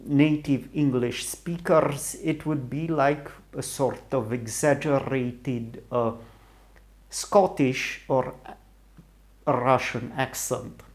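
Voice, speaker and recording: A man's voice: mid-range voice, steady tone, slow. A middle-aged man from Romania with a Romanian accent, talking to camera in a hesitant, rambling way and often searching for the right English words. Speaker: YouTuber. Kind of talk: rambling solo talk to camera.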